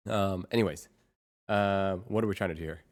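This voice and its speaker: A young adult woman livestreaming in casual chat, excitable and quick to repeat herself in bursts. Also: very deep voice.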